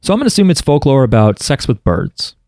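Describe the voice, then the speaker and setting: A man's voice: medium pitch, very animated, fast, darkish tone, no echo, clean studio sound. A man co-hosting a podcast, recapping an anime in a casual, rambling way with lots of fillers and restarts. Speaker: podcast co-host.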